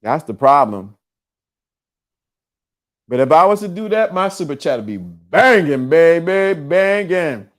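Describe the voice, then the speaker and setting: A man hosting a casual livestream, talking in an animated way, often laughing and using streetwise slang. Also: on the high side, measured pace, pauses often. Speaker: livestream show host.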